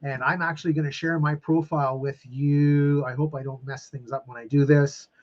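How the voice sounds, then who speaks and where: A man's voice: fairly high pitch, level tone, moderate pace, dull audio. A man coaching viewers on a live stream, emphatic and emotional, repeating phrases and calling them his friends. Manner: openly emotional and effusive.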